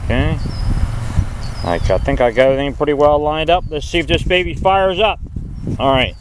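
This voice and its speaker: A middle-aged man hosting a casual outdoor video in a windy rural yard, talking in a folksy, jokey, animated way. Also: a little high, moderate pace. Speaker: video host. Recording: outdoor wind noise.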